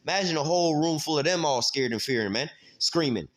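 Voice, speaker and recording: A man's voice: on the high side, lively intonation, fast. A man teaching a Bible passage in a loose, conversational way, full of street slang, filler words and casual cursing. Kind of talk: informal scripture teaching.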